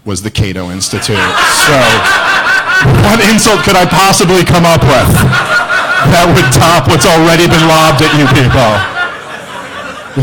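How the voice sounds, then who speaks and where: A stand-up comedian with a fairly high voice opens a debate at a live venue, where the audience laughs. He tells a rambling, self-mocking story, and there is background noise.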